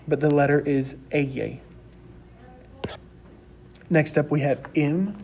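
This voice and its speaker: Male teacher, young adult, mellow tone, patient repetitive lecture delivery into a computer mic. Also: fairly high pitch, fairly even intonation, slight background noise. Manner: slow, patient letter-by-letter drilling with repetition. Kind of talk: recorded class lecture.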